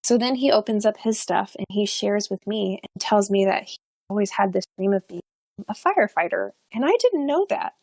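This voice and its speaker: A woman's voice: medium pitch, lively intonation, normal speed, a little mellow, no echo. A young adult woman, a podcast guest, telling a personal story in a chatty way, full of fillers and restarts and frequent laughs.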